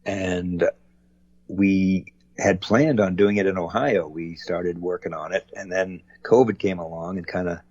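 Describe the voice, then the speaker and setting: A man's voice: deep voice, steady tone, a little slow, darkish tone, husky, no echo. A man who is an actor and producer, chatting as a guest in an interview in a rambling, folksy way, on a dull lo-fi recording. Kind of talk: casual interview chat.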